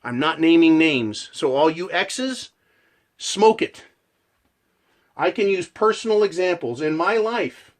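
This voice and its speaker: A man's voice: fairly high pitch, animated, a little slow. A man delivering a passionate, profane ranting monologue as a channel host.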